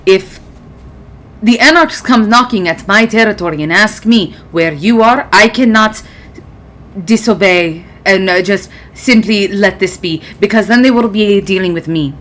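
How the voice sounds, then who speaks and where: A stern male vampire doctor, formal and protective, who speaks in clipped, measured sentences, as a woman puts him on during a tabletop game. The voice sits at a middling pitch for a woman. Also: a bit bright, lightly acted. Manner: formal, clipped address with titles. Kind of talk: tabletop role-play in character.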